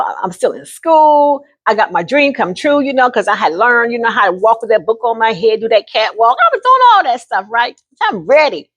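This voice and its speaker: An older woman in her sixties, chatting to camera with a bright, slightly high voice. She tells her story in a lively, folksy way and keeps calling the listener honey. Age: 60s. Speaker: vlogger.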